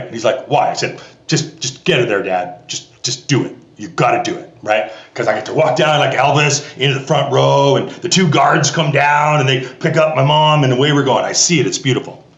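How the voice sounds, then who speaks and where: A man's voice: medium pitch, a bit bright, reverberant, lo-fi sound. A middle-aged Canadian man, a theatre festival director, telling stories in a podcast interview and animatedly acting out the voices of the people in them.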